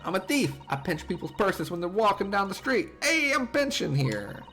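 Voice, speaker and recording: A man's voice: sits high, sing-song, moderate pace, sharp tone, faint music behind, voice pushed up, exaggerated voice. A man doing a surly cockney street-urchin girl. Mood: defiant. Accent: put-on Cockney. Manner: defiant, dismissive, slangy. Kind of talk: reading game dialogue aloud.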